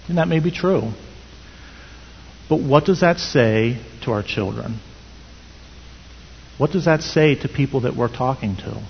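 A man's voice: mid-range voice, measured pace, gravelly, long pauses, slight background noise. A man preaching a sermon in an earnest, storytelling manner with many rhetorical questions. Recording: dull sound in echoey hall.

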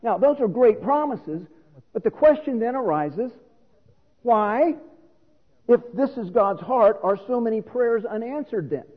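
Husky high-voiced man preaching. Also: lively intonation, unhurried. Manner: teaching, explanatory, earnest. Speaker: pastor. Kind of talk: sermon. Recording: reverberant hall on a phone-like line.

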